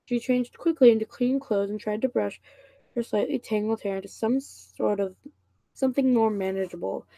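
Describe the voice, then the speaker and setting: A woman's voice: fairly high pitch, moderate pace, creaky, dark tone, no echo, low-quality recording. A woman casually reading a novel aloud, stumbling and restarting over words now and then. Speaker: reader and channel host.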